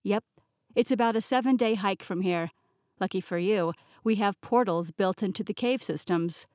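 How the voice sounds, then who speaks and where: A woman's voice: mid-range voice, normal speed, darkish tone, no room sound, clean studio sound, close to an everyday voice. A woman voicing a young male king in an audiobook, easygoing and teasing but stern when giving orders. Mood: playful. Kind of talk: audiobook character voice. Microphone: close studio mic, dry.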